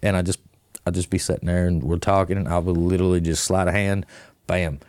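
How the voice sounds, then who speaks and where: A man's voice: deep voice, level tone, fairly quick, darkish tone, no room sound. A man co-hosting a casual podcast, telling playful anecdotes with animation. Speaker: podcast co-host. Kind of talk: casual storytelling chat.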